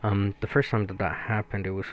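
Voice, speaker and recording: A man's voice: lowish voice, level tone, fairly quick, dull audio. A man whose first language is Spanish, telling a casual story full of fillers and swearing. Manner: rambling, profane, lots of fillers.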